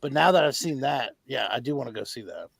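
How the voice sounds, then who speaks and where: A man's voice: medium pitch, animated, fast talker, gravelly. A man on a casual podcast, plain-spoken and laid-back. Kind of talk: casual chat.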